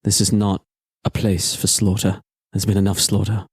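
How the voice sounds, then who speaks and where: A man voicing a grave, merciful woman leader who speaks in a measured, solemn way. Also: low voice, level tone, husky, dry recording, studio quality.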